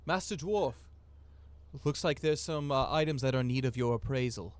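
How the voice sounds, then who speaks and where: A man voicing a polite, formal male elf lord, slightly higher than his own voice. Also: moderate pace, no room sound, natural voice. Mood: courteous.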